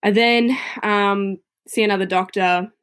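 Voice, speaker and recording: A woman's voice: medium pitch, steady tone, a little slow, fairly bright tone, smooth. Chatty woman telling her story. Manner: chatty, frequent "you know" fillers. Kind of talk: casual personal storytelling.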